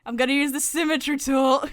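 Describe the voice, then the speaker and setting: A woman's voice: high voice, steady tone, fairly quick, dry recording, studio quality. A woman hosting her own channel, giving rambling, profane, giggly casual commentary while she draws. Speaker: channel host.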